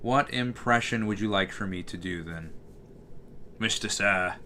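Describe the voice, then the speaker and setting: A man's voice: lowish voice, normal speed, pushed and bright. A man streaming live, chatting casually and reading comments, rambling with fillers and restarts.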